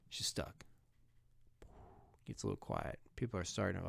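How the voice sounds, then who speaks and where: A man telling a comedic story on a podcast, profane and animated, with sudden loud bursts. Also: sits low, moderate pace, creaky, pauses often, husky, dry recording, clean studio sound. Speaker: podcast co-host.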